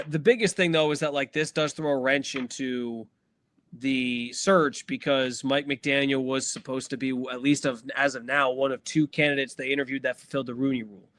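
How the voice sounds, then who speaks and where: A man's voice: medium pitch, sharp tone, no echo. A man co-hosting a sports podcast, chatting casually and rambling through fillers and restarts. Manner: rambling, filler-heavy, self-correcting. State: has the hiccups. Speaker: podcast co-host.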